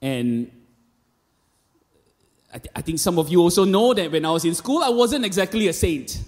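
His high-pitched, expressive voice has a darkish tone and a normal speed. The man, a Malaysian English-accented pastor in his thirties, preaches in a church auditorium, weaving in stories with quoted voices and casual asides amid the long reverb of a large hall.

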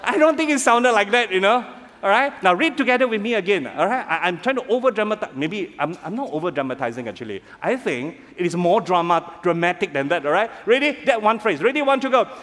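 A man preaching a sermon as pastor, animated and calling on the congregation to respond. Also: sits high, quick pace. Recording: reverberant hall.

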